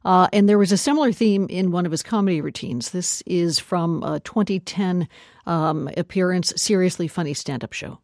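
A news radio host introducing a story and questioning a guest in a measured way, with frequent "uh" fillers, on a studio microphone. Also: medium pitch, darkish tone, dry recording. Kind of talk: news interview.

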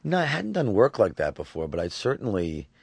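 A man around forty, a voice actor talking in an interview, halting and restarting his words often. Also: fairly low pitch, huge pitch swings, vocal fry, slightly rough, no echo. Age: 40s. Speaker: voice actor guest. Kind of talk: relaxed interview talk.

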